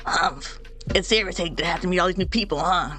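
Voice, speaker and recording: A woman voicing a grumpy, rude old man in a video game playthrough, speaking gruffly. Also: lowish voice, fast, bright, forceful tone, slight background noise, voice pushed down. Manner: gruff, dismissive.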